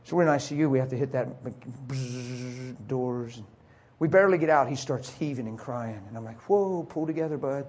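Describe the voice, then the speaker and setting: A middle-aged man preaching a sermon as a story, acting out the voices and swinging from soft whispers to high cries. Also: fast, hardly any pauses.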